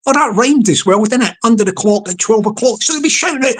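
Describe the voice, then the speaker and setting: A woman's voice: fairly high pitch, animated, fast talker, breathy edge. A woman hosting her own channel in a chatty, mocking monologue, often laughing and repeating words. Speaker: channel host. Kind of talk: casual rambling vlog monologue.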